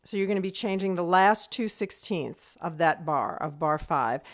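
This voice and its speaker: A woman's voice: lowish voice, expressive, normal speed. A woman teaching an online group music lesson over a video call. She explains step by step, counts beats aloud and sings rhythm syllables to show them.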